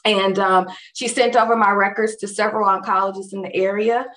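A woman recounts her own experience in a relaxed, conversational way, peppering her talk with fillers and animated quoted asides. Her voice sits at a middle pitch and sounds set back from the mic in an echoey room. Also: brisk. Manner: animated, acts out others' words in quotes. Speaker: storyteller recounting a personal experience. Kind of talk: casual spoken personal story. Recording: roomy and distant from the mic.

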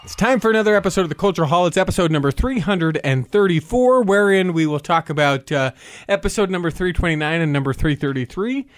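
In a home studio, a man hosts a casual podcast, teasing his co-host and rambling while a sore tongue affects his speech. His voice is high, with lively intonation and a quick pace.

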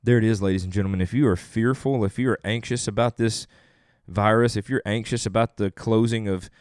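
A man's voice: on the low side, steady tone, a little fast, darkish tone, no room sound, studio quality. A young adult man, a pastor, delivering an earnest sermon with emphatic, repeated phrases.

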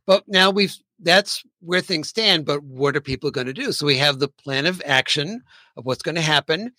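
Bright-voiced man leading a chat. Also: on the high side, expressive, normal speed, no echo. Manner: steers the talk along. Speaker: podcast host. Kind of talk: casual chat.

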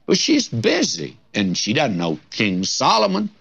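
A man's voice: sits high, sing-song, takes it slowly, creaky, few pauses, a bit bright. An older man preaching a radio Bible sermon, earnest and folksy, reading scripture with dramatic flair. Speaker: Bible teacher. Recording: dull lo-fi radio recording.

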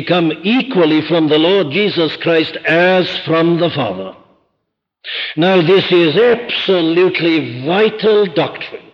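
A man preaching a sermon, emphatic and rhetorical, slowing down to stress key words. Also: a little high, long reverb tail. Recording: dull lo-fi archive recording.

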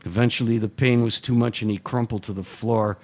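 A man, a writer, reading his own first-person short story aloud in a steady, matter-of-fact way. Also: mid-range voice, fairly quick.

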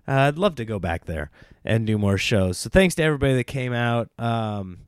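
A man, a stand-up comedian, telling a casual story in a rambling way, with lots of fillers and excited restarts. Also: mid-range voice, moderate pace, clear, resonant tone, dry recording, clean studio sound.

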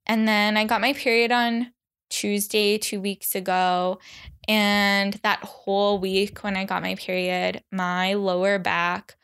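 Chatty young woman podcast host, slow easy pace, smooth clear voice, says like a lot. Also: fairly bright tone. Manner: chatty, lots of "like", acts out quotes in a high voice. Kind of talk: solo podcast chat.

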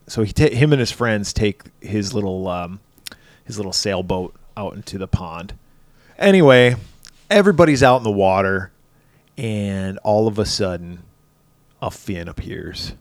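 A podcast co-host with a fairly low voice speaks at a moderate pace in a casual film chat, with no room sound in the recording. He swears freely while retelling a movie scene by scene, animatedly acting out the characters in different voices.

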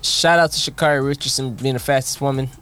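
A man co-hosting a sports podcast, animated and joking, swearing freely. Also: medium pitch, fast, faint music behind. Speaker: podcast co-host. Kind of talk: casual sports chat.

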